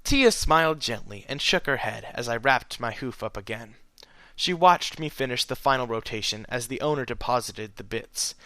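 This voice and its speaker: A man reading a fan fiction audiobook aloud in the first person, with an expressive, animated delivery. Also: medium pitch, moderate pace, dry recording. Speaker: narrator.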